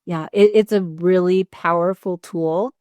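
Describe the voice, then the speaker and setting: A woman's voice: fairly low pitch, fairly even intonation, unhurried, a little mellow, no echo. A woman coach speaking as an interview guest, agreeable and encouraging, often affirming with "yeah". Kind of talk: casual conversational interview.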